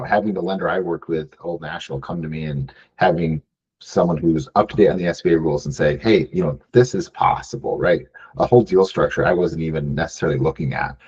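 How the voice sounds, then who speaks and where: Deep husky man, casual business talk. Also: a little mellow, muffled recording. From Michigan. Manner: frequent "um" and "right?" tags, restarts. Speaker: business buyer guest. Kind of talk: casual interview answers.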